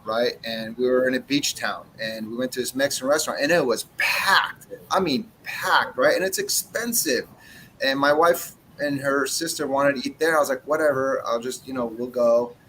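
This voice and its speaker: Middle-aged man, mid-pitched, swears a lot, blunt guest acting out dialogue, faint rumble behind. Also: a bit bright, rough recording. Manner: blunt, swears freely, acts out dialogue with customers. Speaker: cigar brand owner, podcast guest. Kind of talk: casual chat.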